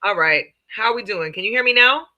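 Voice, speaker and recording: A woman's voice: medium pitch, animated, fairly quick, bright, forceful tone, lo-fi sound. A woman joining a casual live chat as guest, greeting with affectionate words.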